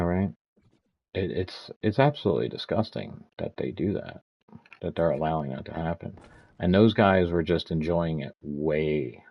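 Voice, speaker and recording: A man's voice: very deep voice, gravelly, breathy edge, dull audio. A man in his fifties streaming a game, ranting and swearing as he tells stories in casual chat. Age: 50s. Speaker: gaming streamer.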